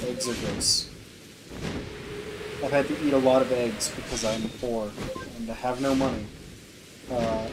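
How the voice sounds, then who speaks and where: A sleepy streamer chatting casually over gameplay, rambling through self-mocking jokes. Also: medium pitch. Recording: clear background noise.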